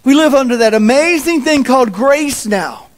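A man preaching a sermon as a pastor, in an animated, folksy manner. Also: extremely high pitch, normal speed. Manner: animated, folksy, acts out quotes.

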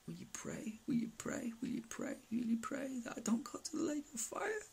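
A man's voice: normal speed, gravelly, heavily acted. A man voicing a desperate male devil-dragon who begs in a strained, breathless whisper. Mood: pleading. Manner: breathless high whispered begging.

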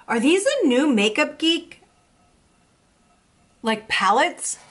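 Young female beauty vlogger, bright and excitable, with a high voice that jumps around a lot. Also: takes it slowly. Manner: gushing, excitable. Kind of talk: casual unboxing chat.

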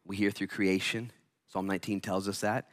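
A male pastor preaching a sermon, swinging from hushed lines to loud, energetic outbursts and acting out voices. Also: deep voice, normal speed. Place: church.

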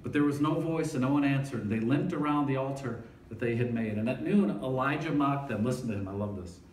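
A man's voice: medium pitch, a little fast, a little mellow, slight background noise. Man, campus ministry speaker, informal sermon, mid voice, reverberant room, picked up from a distance. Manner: informal, checks in with listeners often. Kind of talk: conversational sermon to students.

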